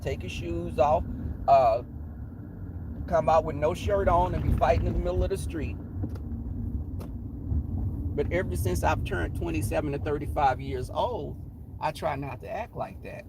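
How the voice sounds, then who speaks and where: A man in his thirties from the American South, casually chatting on a livestream in an animated, preachy storytelling way. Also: on the high side, recorded from a distance, a little hiss or hum, rough recording. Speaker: livestream host.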